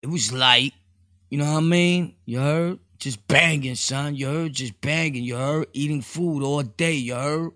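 A man's voice: fairly high pitch, measured pace, pushed and bright, no echo, clean studio sound. A man voicing a swaggering young male podcast guest who brags in lazy street slang, repeating catchphrases. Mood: boastful.

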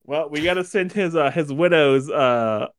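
A man co-hosting a casual podcast, his voice a touch higher than most men's. He teases the others with deadpan, morbid jokes, heard close and dry. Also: normal speed, dry recording. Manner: dark deadpan jokes, teasing. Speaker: podcast co-host. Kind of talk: casual group podcast banter.

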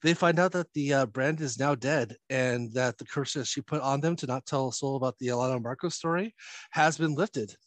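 A man's voice: medium pitch, brisk, no room sound. A man casually recapping a comic series, full of fillers and chuckles as he talks. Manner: rambling, many fillers and chuckles. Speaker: podcast host.

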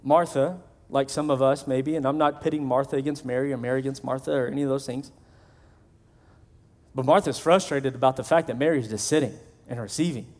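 A man's voice: medium pitch, fairly even intonation, a little fast. A male pastor preaching a sermon in a conversational way, acting out the voices of the people he quotes.

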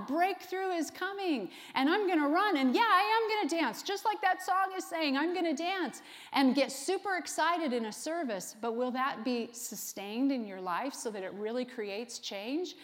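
A woman pastor with a high voice delivers an animated sermon and laughs often as she preaches. Her voice carries a long hall reverb.

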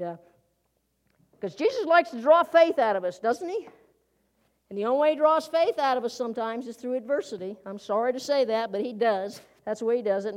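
A woman's voice: sits high, darkish tone. A woman preaching a conversational sermon in a folksy manner, often asking her listeners rhetorical questions.

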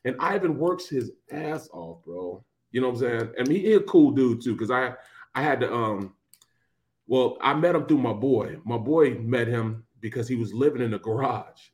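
Male sports radio co-host, mid pitch, easygoing slang. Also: normal speed, a little mellow. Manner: laid-back, peppers talk with "man" and "bro". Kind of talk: casual sports radio chat.

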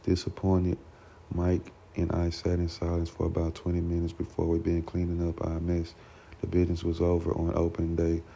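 A man reading a book aloud for a self-development lesson, steady and a little halting, with small slips and restarts, on a dull lo-fi recording. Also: low-pitched, gravelly. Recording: dull lo-fi recording with faint noise.

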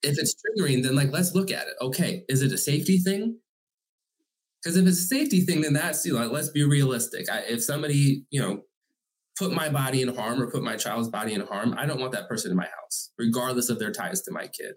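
A man's voice: mid-range voice, fairly quick. A man who coaches single parents speaks earnestly and emphatically as a guest in a conversational interview.

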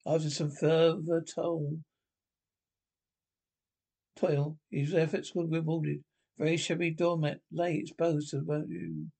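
A man's voice: a little high, little pitch movement, takes it slowly, gravelly, long pauses, mellow. A man reading a classic children's story aloud, with frequent stumbles and restarts. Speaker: narrator.

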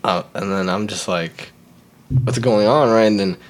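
A young man tells a story in a low voice, loose and rambling, with plenty of fillers. He slips into the voices of the people in his story as he goes. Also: moderate pace. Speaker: podcast host. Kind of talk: casual storytelling chat.

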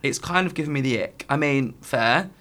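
Giggly young man with a bright voice. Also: mid-range voice, expressive, normal speed. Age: 20s. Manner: giggly, playful, teasing. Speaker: podcast host. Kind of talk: casual chat, reading listener dilemmas.

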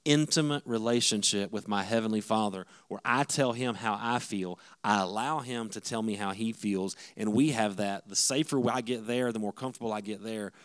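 A man's voice: lowish voice, moderate pace, few pauses, clean tone. A middle-aged man, a pastor, giving a conversational sermon-style talk on marriage to the men, with frequent restarts.

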